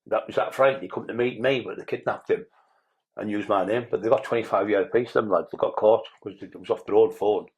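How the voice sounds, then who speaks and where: A man's voice: fairly low pitch, brisk, highs cut off. A man, a podcast guest telling rambling stories in a blunt way and swearing freely. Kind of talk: casual interview storytelling.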